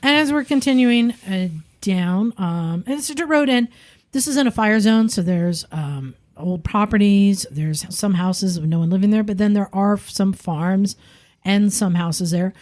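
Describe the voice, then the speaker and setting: Podcast co-host, woman, lively casual storyteller. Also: medium pitch, unhurried. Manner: animated storyteller, acts out quoted voices.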